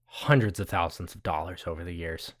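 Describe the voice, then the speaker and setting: A man's voice: deep voice, fairly quick. A young man narrating as game master in a casual, profane way. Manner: casual, profane, laughing asides.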